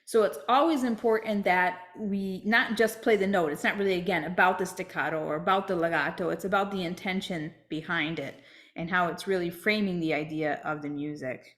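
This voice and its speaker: A woman's voice: lowish voice, fairly even intonation, fairly quick, a bit bright, roomy sound. A woman teaching a flute masterclass, explaining step by step and checking in with "right?".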